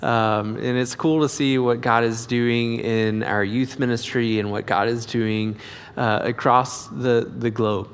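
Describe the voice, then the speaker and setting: A man hosting a church service as youth minister, upbeat and casual, halting with fillers. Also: medium pitch, fairly even intonation, clean tone. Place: church sanctuary. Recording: long reverb of a church hall.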